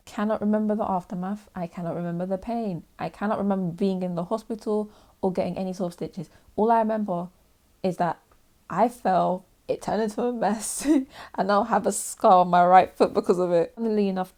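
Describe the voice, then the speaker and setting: Young woman, art vlogger, mellow low-ish voice, chatty, self-mocking storyteller. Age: young adult. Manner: chatty, self-mocking, laughs often, acts out quotes in a high voice. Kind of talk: casual chat while drawing.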